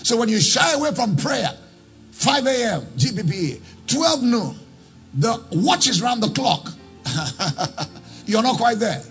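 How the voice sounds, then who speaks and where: High, lively preaching man with gravel. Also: takes it slowly, soft background music. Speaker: pastor. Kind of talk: sermon.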